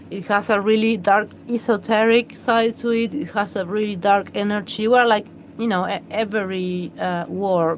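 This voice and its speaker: A woman's voice: medium pitch, a little hiss or hum, poor audio. A woman hosting a live stream, chatting in a rambling, hesitant way with many fillers and restarts. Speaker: livestream host.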